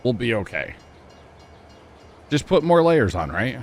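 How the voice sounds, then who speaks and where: Young male streamer host, relaxed rambling banter, medium pitch. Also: measured pace. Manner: laid-back, rambling, chatting with friends and chat. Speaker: livestream gaming host. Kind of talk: casual chat with stream viewers. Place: cold home room with heaters.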